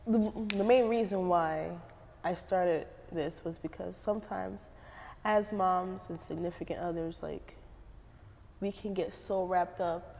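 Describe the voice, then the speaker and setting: A woman's voice: fairly low pitch, dark tone, long reverb tail, a little hiss or hum. A woman hosting a casual interview, chatty, who laughs often and says "like" a lot. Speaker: interviewer and show host.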